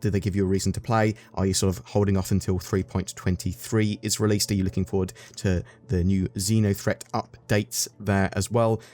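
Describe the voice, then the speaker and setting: A man's voice: deep voice, little pitch movement, brisk, hardly any pauses, dark tone. An English man hosting a casual game update video, chatty and upbeat, asking viewers questions with the odd um. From England. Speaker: gaming news YouTuber.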